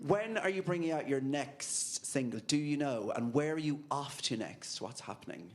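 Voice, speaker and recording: A man's voice: medium pitch, lively intonation, normal speed. A man with a British accent interviewing, asking chatty questions full of fillers. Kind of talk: casual interview.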